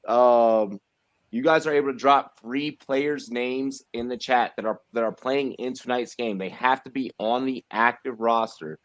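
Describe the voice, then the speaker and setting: A man hosting a casual livestream chat, animated and repeating himself, with many fillers. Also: medium pitch, dry recording. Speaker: host.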